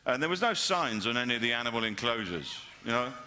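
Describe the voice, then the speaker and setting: A man's voice: medium pitch, sing-song, quick pace. A man from the West Country of England doing stand-up comedy on a theatre stage, in a wry, rambling style full of asides. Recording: reverberant hall with loud crowd.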